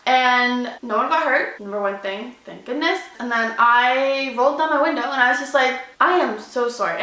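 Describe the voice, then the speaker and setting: A young Canadian woman vlogger telling a story loudly and animatedly, acting out each moment with lots of "like"s. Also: a little high, roomy sound, poor audio. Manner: loud, animated, dramatic retelling with many "like"s. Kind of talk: casual storytime.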